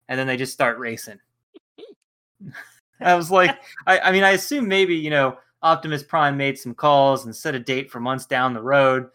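Guy chatting on a podcast, bright voice, kinda high, laughs and does little voices. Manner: laughing, animated, acts out quotes in quick impressions. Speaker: podcast co-host. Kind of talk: casual chat.

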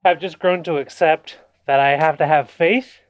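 A woman's voice: sits low, fairly even intonation, moderate pace, no echo, highs cut off. A woman co-hosting a casual podcast from home, standing, a little out of breath and laughing easily. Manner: laid-back, laughs easily. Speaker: podcast co-host and editor. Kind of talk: casual chat. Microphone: home mic over a voice call, standing.

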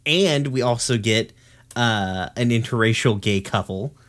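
A man in a loose, rambling podcast chat, retelling a cartoon episode with plenty of swearing. His voice sits at a middle pitch. He laughs often and slips into quick character voices as he goes. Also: fairly bright tone. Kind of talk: casual chat.

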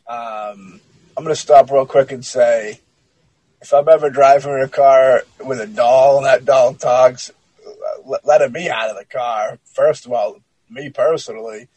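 Husky-voiced man, joking podcast host. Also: mid-range voice, darkish tone, dry recording, low-quality recording. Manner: blunt and joking, swears freely. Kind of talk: casual chat, reading a story aloud.

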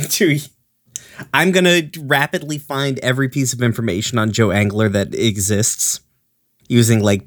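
A man playing a tabletop game, thinking aloud and hesitating with many fillers as he lays out his moves. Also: medium pitch. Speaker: player.

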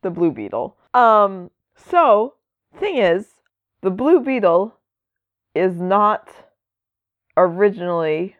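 A woman's voice: medium pitch, sing-song, slow pace, pauses often, dry recording. A woman co-hosting a podcast, explaining things in a chatty way with many asides. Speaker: podcast co-host. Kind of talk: casual chat. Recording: dull lo-fi sound.

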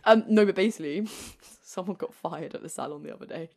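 A woman chats and gossips as co-host of a casual podcast. Her voice sits a little low for a woman. She laughs often and swears freely as she tells her stories. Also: a little fast, warm tone. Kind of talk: casual chat and storytelling.

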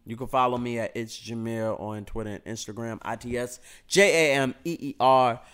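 A man hosting a casual podcast chat, loud and playful, hyping up his guests. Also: mid-range voice, moderate pace, clean tone. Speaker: podcast host.

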